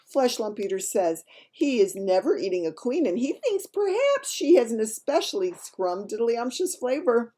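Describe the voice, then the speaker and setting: A woman's voice: a little high, sing-song, moderate pace, hardly any pauses, dark tone, pitched above the performer's own voice. A woman voicing a big kindly male giant who mangles his grammar and invents words. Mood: amused.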